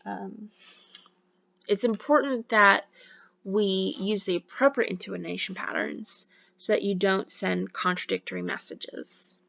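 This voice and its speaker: A woman's voice: medium pitch, steady tone, a little slow, vocal fry, fairly bright tone, highs cut off. A woman giving a recorded university lecture on voice and diction, explaining with frequent fillers.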